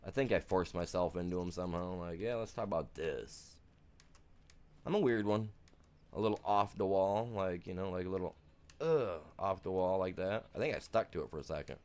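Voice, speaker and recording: A man's voice: deep voice, brisk, darkish tone, smooth. A man from the United States chatting casually on a game live stream, rambling through stories in a self-deprecating way.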